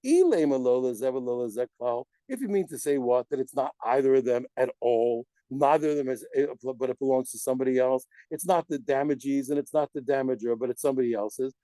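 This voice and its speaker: Animated man teaching Talmud. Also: mid-range voice, brisk, few pauses, no room sound, poor audio. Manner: animated, asks rhetorical "what?" questions; mixes Aramaic terms into English explanation. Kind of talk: daf yomi Talmud class.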